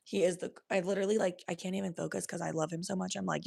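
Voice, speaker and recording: A woman's voice: fairly low pitch, fairly even intonation, rapid-fire, vocal fry, a little mellow, husky. A woman from the US Midwest, chatting casually on a livestream in a loose, swearing, talkative way. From Cincinnati, US Midwest.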